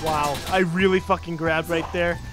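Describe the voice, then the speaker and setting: A man's voice: a little high, steady tone, normal speed, over music. A young man joining a gaming video, laughing and swearing while he complains about the controls. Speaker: guest gamer. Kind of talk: casual gameplay commentary.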